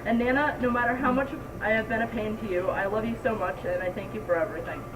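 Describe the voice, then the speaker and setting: A teenage girl gives a tearful, giggly thank-you speech, heard from a distance. Bowling alley noise hums clearly behind her. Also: on the high side, fairly even intonation, quick pace. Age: teens. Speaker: senior student speaker.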